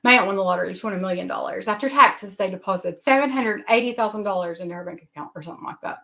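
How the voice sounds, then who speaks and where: A woman's voice: mid-range voice, rapid-fire, creaky, fairly bright tone. A middle-aged woman, hosting a casual livestream and talking in a rambling, emotional, self-deprecating way. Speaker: livestream host. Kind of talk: casual live-stream chat.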